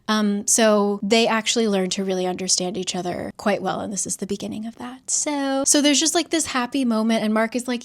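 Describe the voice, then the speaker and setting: A woman's voice: medium pitch, brisk, few pauses. Chatty woman recapping a novel. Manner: chatty, swears, laughs often. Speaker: book summary host. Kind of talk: casual plot recap.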